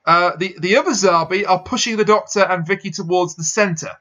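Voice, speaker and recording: Bright, high-voiced man laughing through a recap. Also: fairly quick. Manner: stumbling, laughing while recapping. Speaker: podcast co-host. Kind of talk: casual review chat.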